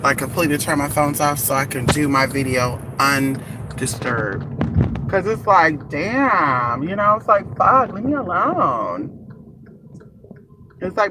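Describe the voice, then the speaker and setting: A man's voice: high voice, very animated, normal speed, noisy background. A man from California ranting on a casual livestream, brash and profane, talking back to his viewers. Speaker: livestreaming vlogger. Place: indoors, not at home. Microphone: phone.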